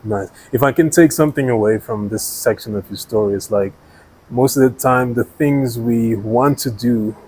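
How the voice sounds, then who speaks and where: A man's voice: medium pitch, moderate pace, a little mellow, slight background noise, poor audio. A man hosting a podcast interview, summing up the guest's story reflectively and leaning on fillers like "you know" and "like". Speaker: podcast host.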